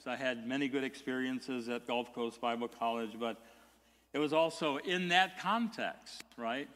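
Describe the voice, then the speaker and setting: A man's voice: mid-range voice, a bit bright. A male pastor preaching an earnest sermon, with stammered restarts that swell into emphatic peaks. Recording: long hall reverb.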